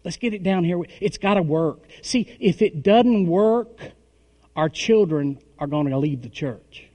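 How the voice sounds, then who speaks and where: A middle-aged man preaching a sermon, emphatic, with call-and-response and swings between loud and soft. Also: sits high, expressive, a little slow. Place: church hall. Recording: long hall reverb.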